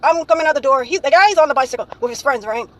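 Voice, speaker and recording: A very fast, high-voiced young woman rambles through a story in a casual vlog, leaning on "like, um" and tacking "right?" onto her phrases. The recording is low quality.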